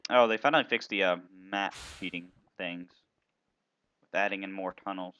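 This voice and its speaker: A man playing a video game and commentating, excitable, playful, often yelping and exclaiming. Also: deep voice, normal speed, clear, resonant tone, no room sound, lo-fi sound. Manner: silly, playful banter at other players. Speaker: gaming video host.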